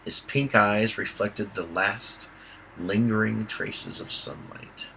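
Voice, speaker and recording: A man reading an audiobook aloud in a steady storytelling voice. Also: lowish voice, takes it slowly, vocal fry, a little hiss or hum, low-quality recording. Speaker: audiobook reader. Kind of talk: amateur audiobook narration.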